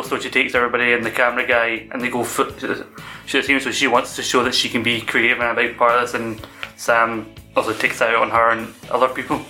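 A man's voice: mid-range voice, level tone, quick pace, pushed and bright, soft background music, low-quality recording. A man talking as a guest in a casual TV review chat, rambling with lots of fillers. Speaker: podcast guest.

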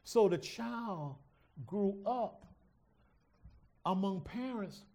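A male pastor preaching a sermon, swinging from hushed asides to loud shouts and teasing his congregation. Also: high voice, expressive, very slow.

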